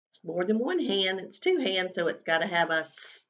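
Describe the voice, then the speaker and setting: A woman teaching kindergarten writing in a gentle sing-song voice, slowing down to stretch out each sound for her young students. Her voice sits at a middle pitch. The recording is a little dull and lo-fi. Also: big pitch swings.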